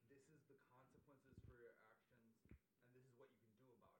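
A man in a group discussion answering softly and hesitantly, with pauses and fillers. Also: mid-range voice, steady tone. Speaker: group member. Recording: distant, roomy, lo-fi room recording.

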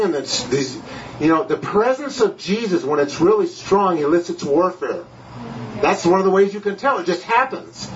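An older man delivers a sermon as a lively storyteller who laughs at his own past. His voice sits a little high, and he sounds set back from the microphone. The recording is muffled and carries faint room noise. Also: far from the mic. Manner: storytelling, animated, laughing at himself. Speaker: pastor. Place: home gathering.

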